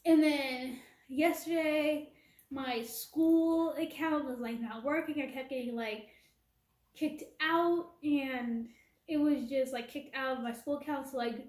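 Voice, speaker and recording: A woman's voice: sits high, fairly even intonation, slow pace. A young woman telling a casual storytime rant, animatedly retelling a back-and-forth conversation. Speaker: vlogger. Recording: echoey room.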